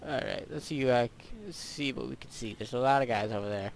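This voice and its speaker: A man's voice: mid-range voice, expressive, fairly quick, a little hiss or hum. A teenage boy giving rambling, goofy commentary over a game he is playing, with silly sound effects. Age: teens. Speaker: gaming YouTuber. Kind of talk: casual gameplay commentary.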